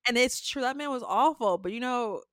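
Fairly high-voiced animated woman co-host. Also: a little fast, no echo, clean studio sound. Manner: animated, slangy, swears freely, acts out friends' lines. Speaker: podcast co-host. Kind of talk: casual chat.

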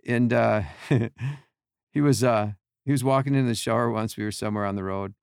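A middle-aged man, a podcast guest, telling animated behind-the-scenes stories and acting out quotes and sounds. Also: medium pitch, normal speed, creaky, smooth, no room sound, clean studio sound. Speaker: podcast guest, team equipment worker. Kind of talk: casual storytelling.

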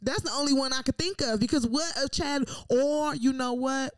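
A woman co-hosting a casual chat show, animated and sassy with quick comebacks. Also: high voice, dry recording. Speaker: podcast co-host.

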